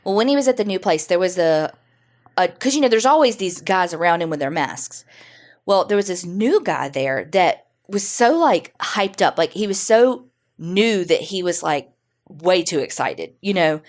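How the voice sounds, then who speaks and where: A woman with a somewhat low voice tells a true-crime story to her co-host. She talks casually, with plenty of fillers and swearing thrown in. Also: sing-song, moderate pace, darkish tone. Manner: chatty, swears freely, lots of fillers. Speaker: podcast co-host.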